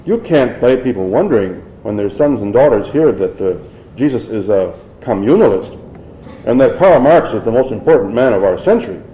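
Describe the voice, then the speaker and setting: A man's voice: medium pitch, expressive, moderate pace, echoey room, dull audio, slight background noise, lightly acted. A man voicing a pushy male investigator who accuses a professor, needling and insistent. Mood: accusing.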